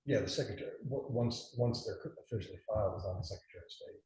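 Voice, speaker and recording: A man's voice: on the low side, fast talker, mellow, echoey room, distant mic, poor audio. A male judge telling a chatty anecdote on a video call, acting out the people he quotes. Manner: chatty storyteller who acts out quotes. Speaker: district judge. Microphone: video call, away from the mic.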